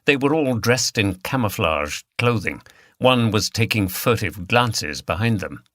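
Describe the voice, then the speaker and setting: A man narrating an audiobook in a steady, measured reading style. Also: fairly low pitch, dry recording, clean studio sound. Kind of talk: scripted narration.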